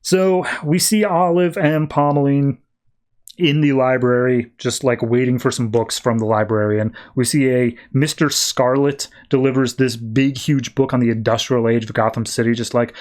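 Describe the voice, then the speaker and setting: A man's voice: medium pitch, fairly even intonation, normal speed, a little mellow. A man, a podcast host, casually recapping a comic book in a chatty storytelling way.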